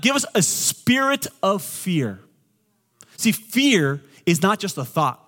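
Joking pastor preaching a sermon. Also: male voice, high-pitched, big pitch swings, slow pace. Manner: joking asides, swings between loud and quiet.

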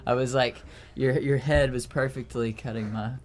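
A man's voice: medium pitch, steady tone, moderate pace, heavy background noise. A man talking as a guest in a casual interview, easygoing and thinking aloud. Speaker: guest on a gaming podcast.

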